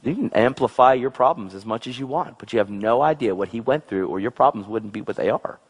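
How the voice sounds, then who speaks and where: A man preaching a sermon in an excitable, exclamatory way, swinging between low, intense passages and loud, high outbursts. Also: fairly quick, slightly rough.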